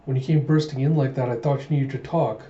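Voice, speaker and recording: A man reading a shy, gentle young man. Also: medium pitch, fairly even intonation, quick pace, natural voice. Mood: soft. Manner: soft, reassuring. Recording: dull, roomy home recording.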